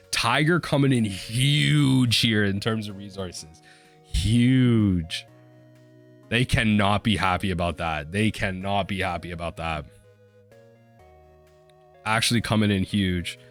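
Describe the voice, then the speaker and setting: A man casually commenting on his own card game as he plays, thinking aloud with sudden excited bursts. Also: fairly low pitch.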